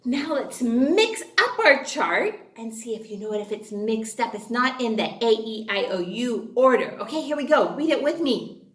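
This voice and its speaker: A woman's voice: a little high, normal speed. Bubbly woman teaching phonics, echoey room. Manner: animated and sing-song, gasps and cheers often. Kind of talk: phonics lesson for young children.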